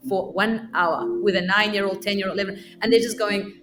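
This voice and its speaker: A woman from Iraqi Kurdistan whose first language is Kurdish, a podcast guest telling personal stories in a lively way, often repeating words as she restarts. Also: mid-range voice, a little fast, background noise. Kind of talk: personal storytelling.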